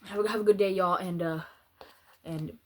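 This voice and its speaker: A woman's voice: mid-range voice, fairly even intonation, fast, a little mellow. A young woman vlogging, rambling and swearing casually as she eats spicy noodles, her mouth still burning. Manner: rambling, swears a lot, restarts often. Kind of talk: casual rant while eating.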